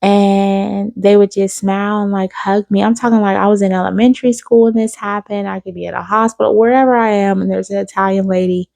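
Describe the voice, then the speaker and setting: A woman delivers an intuitive spiritual reading straight to her viewers, gravelly and mellow in tone. She keeps her pitch fairly flat and close to the mic in a dry space. She talks affectionately, calling the listener baby and repeating key phrases. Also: fairly quick, few pauses, no echo. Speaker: spiritual reader on her own channel.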